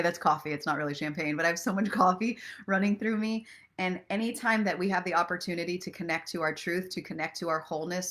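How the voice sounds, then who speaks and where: A woman's voice: on the low side, a bit bright. A middle-aged woman, a self-love coach, chatting casually and emotionally with viewers on a live stream, then reading aloud from a book. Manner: chatty, emotional, laughs often. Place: at home in Los Angeles.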